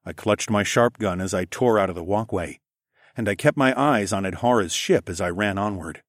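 A man with a fairly low voice reads a first-person adventure story aloud. His delivery is steady and matter-of-fact, and the recording is close and dry. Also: no room sound. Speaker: narrator.

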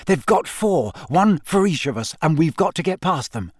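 A man's voice: a little high, very animated, dry recording, studio quality, pitched above the performer's own voice. Harry Potter, an urgent teenage boy, voiced by a man. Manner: urgent, speaking quickly. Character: anxious earnest teenage boy wizard.

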